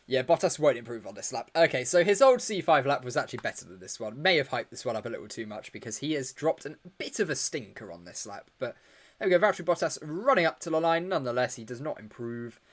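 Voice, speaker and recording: A man's voice: mid-range voice, lively intonation, a little fast. A man hosting a casual live watch-along, chatty and joking as he reacts to the action and answers viewer questions, tired and yawning. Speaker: livestream host.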